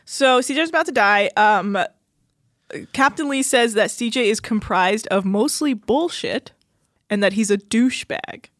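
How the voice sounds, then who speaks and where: A woman's voice: a little high, measured pace, a bit bright, no echo. A woman co-hosting a podcast in a studio, recapping a show in blunt, sardonic casual chat and swearing freely.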